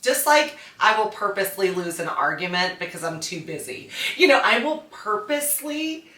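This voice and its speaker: Woman, podcast co-host, casual chat, laughs easily, bright timbre, roomy echo. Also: mid-range voice, sing-song, normal speed, far from the mic. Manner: laughs often, searches for words. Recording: echoey room, off-mic.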